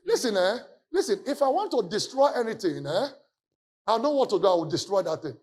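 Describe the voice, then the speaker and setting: High, lively preaching man. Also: quick pace, music in the background. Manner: preaching with call and response from the congregation; swings between hushed talk and loud shouting. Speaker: pastor. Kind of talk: sermon testimony.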